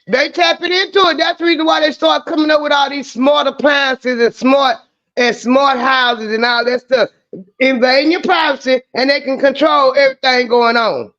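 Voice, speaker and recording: A woman's voice: high-pitched, steady tone, normal speed, a bit bright. A woman in casual chat, telling stories emphatically and swearing freely. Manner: emphatic, profane, storytelling. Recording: dull lo-fi audio.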